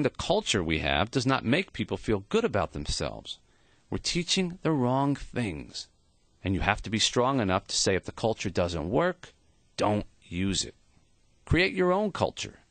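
A soft-spoken old professor, near the end of his life yet calm and accepting, as a male narrator puts him on. His gentle voice rises and falls with a lively lilt. The recording is dry and close. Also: on the low side, no room sound. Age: older.

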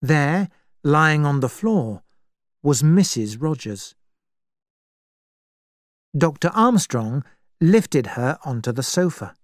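Very slow, expressive story reader. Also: medium pitch, dry recording, studio quality. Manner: very slow, clear, expressive reading. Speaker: narrator. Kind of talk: reading a story aloud.

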